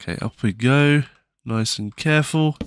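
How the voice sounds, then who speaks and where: A man's voice: medium pitch, moderate pace, a little hiss or hum. A man giving casual, nervous commentary while playing a video game, with frequent startled exclamations and self-mocking asides. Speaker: gaming channel host.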